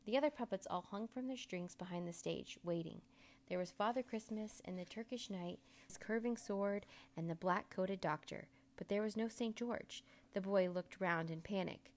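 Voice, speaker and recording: A woman narrating a children's storybook aloud in an expressive, measured way. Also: medium pitch.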